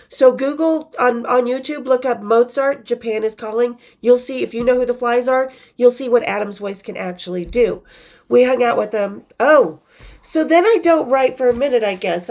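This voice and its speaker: A woman's voice: a little high, darkish tone. A woman hosting her own show, reading from her old journals in a candid, profane, casual storytelling manner with laughing asides. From western United States.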